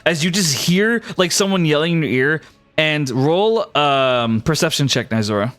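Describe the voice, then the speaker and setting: A man's voice: a little high, animated, moderate pace, fairly bright tone, soft background music. A man narrating as game master in casual tabletop role-play, with frequent fillers.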